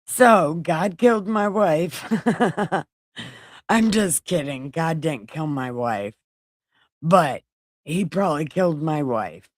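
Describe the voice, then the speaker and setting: A woman's voice: low voice, expressive, slow pace, a little mellow, dry recording, studio quality. A woman hosting a casual live-stream Bible reading, irreverent and joking, with swearing. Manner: irreverent, joking, swears and laughs at her own jokes.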